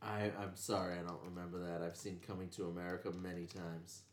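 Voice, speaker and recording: A man's voice: deep voice, level tone, a little fast, a little hiss or hum. Wry co-host man, echoey room. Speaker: podcast co-host. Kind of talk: casual chat.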